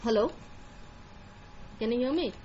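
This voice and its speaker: A woman's voice: on the high side, unhurried, a little mellow, highs cut off, a little hiss or hum. A woman with an Indian accent, an admissions counselor giving a live online lecture in a directive way, repeating her key points.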